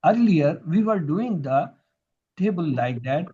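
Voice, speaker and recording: A man's voice: sits high, expressive, unhurried, dark tone, breathy edge. A man teaching Quranic Arabic grammar in a classroom lesson, drilling verb forms and quizzing his students. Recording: dull lo-fi recording.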